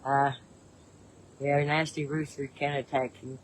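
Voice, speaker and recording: A woman's voice: deep voice, little pitch movement, unhurried, a little hiss or hum, low-quality recording. A woman chatting casually on a livestream, reading viewer comments in a rambling, folksy way and chuckling often. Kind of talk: casual live-stream chat.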